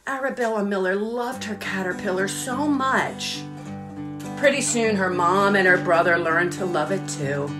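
A woman's voice: medium pitch, a little slow, music in the background. A woman teaching children's songs on a live stream, cheerful and sing-song, breaking into songs and silly sounds. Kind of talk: singing songs and chants for kids on a live stream.

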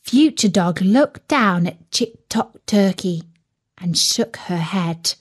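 Woman reading a kids story slow and clear, voice goes all over the place. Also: mid-range voice, expressive. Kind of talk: storybook narration for learners.

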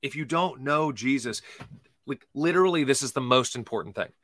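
A man with a bright, forceful voice delivers preachy commentary as a podcast host. He is emphatic and swings from loud to quiet. The sound is dry and close. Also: mid-range voice, dry recording. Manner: reads scripture aloud slowly.

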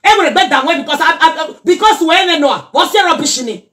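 A middle-aged Nigerian woman chatting casually in a reaction vlog, animated and scolding by turns. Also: very high-pitched, brisk. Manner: animated, mixes pidgin and Yoruba, scolding asides. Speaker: social media commentator.

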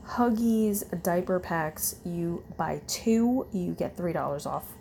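A woman reads off a long coupon list at a dragging, weary pace, with many fillers and self-corrections. Her voice is low-ish and mellow. Faint ambient noise sits behind her. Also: animated, creaky. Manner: slow, tired reading with fillers and self-corrections. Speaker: vlogger. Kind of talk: casual chat reading a coupon list.

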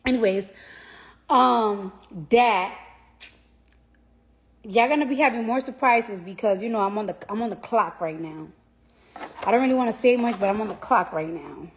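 A woman's voice: medium pitch, moderate pace, pauses often. A tired woman rambling casually and profanely on a live stream from her phone, repeating herself as she talks to fans.

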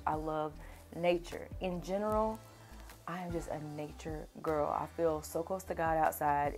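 Chatty low-voiced Southern woman vlogger. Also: darkish tone. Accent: Southern US country. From Kentucky, USA. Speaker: beauty vlogger. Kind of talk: casual Q&A vlog to camera.

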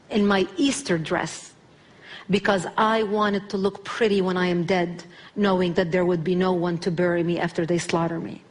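A woman, giving a public speech as an emphatic personal testimony. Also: mid-range voice. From Lebanon. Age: 40s. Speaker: speaker.

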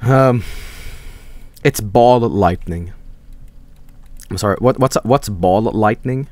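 A young man streaming a game, casually telling a story, cursing a lot and shouting out the voices he quotes. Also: lowish voice, takes it slowly, no room sound. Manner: animated, swearing, mock-shouting quoted voices. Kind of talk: casual storytelling while gaming.

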